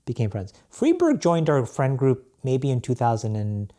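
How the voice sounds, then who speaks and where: Podcast guest, male, mid-pitched voice, relaxed anecdotal delivery. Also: moderate pace. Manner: relaxed storytelling with restarts and laughs. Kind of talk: casual interview chat.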